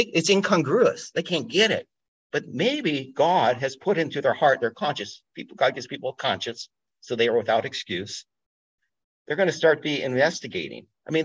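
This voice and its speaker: A man gives a relaxed, conversational Bible teaching, pausing to think aloud and prompting his listeners to consider each point. His voice sits at an ordinary middle pitch. The recording sounds a little dull and lo-fi. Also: breathy edge. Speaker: pastor. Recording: dull lo-fi audio.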